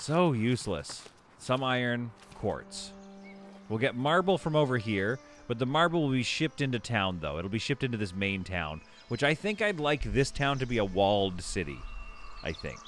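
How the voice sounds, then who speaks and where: A man's voice: fairly low pitch, a bit bright, a little hiss or hum. A man giving casual live commentary while he plays a city-building game, rambling and correcting himself as he thinks aloud.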